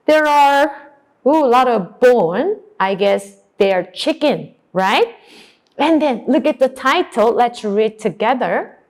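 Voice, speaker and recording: A woman teacher giving a demonstration class, telling a storybook tale slowly and with exaggerated expression. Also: on the high side. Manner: slow, exaggerated and animated.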